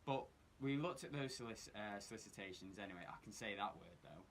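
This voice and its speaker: A man's voice: fairly low pitch, lively intonation, a little fast, a little hiss or hum. A man co-hosting a radio show about comics, rambling in casual chat, correcting himself and laughing often. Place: radio studio.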